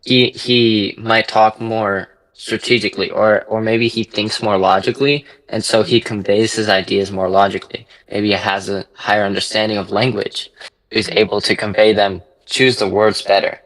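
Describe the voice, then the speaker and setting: A man with a fairly low voice taking part in a relaxed philosophical chat. He thinks aloud in a tentative, questioning way. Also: normal speed, low-quality recording. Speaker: discussion participant. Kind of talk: casual philosophical discussion.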